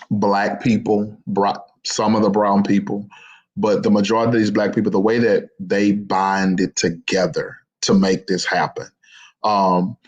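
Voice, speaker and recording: A man with a low voice co-hosts a live talk show, reflective and heartfelt, speaking with plain emotion. His audio sounds dull and lo-fi. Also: a little mellow.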